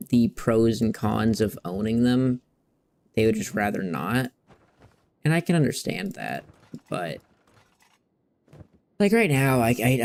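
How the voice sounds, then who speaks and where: Low gravelly man chatting casually. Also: a little mellow, slight background noise. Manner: rambling and candid, swears casually. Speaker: gaming video host. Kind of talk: casual chat while playing.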